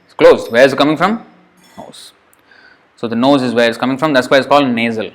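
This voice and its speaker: Patient man teaching sound by sound. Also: mid-range voice. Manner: demonstrates sounds slowly and repeats them; patient, explanatory, with light asides. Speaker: Sanskrit teacher. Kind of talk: pronunciation lesson.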